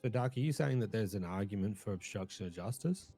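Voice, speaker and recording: A man's voice: lowish voice, expressive, fast talker, mellow, husky, faint music behind. A man playing a police officer in a roleplay discussion, making emphatic points and repeating himself.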